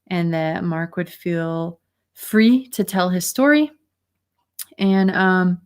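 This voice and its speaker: Lady hosting a video call chat, kinda low voice, rambly and giggly. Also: clean tone. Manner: chatty, giggly, rambling with fillers. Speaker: host. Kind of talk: casual livestream chat.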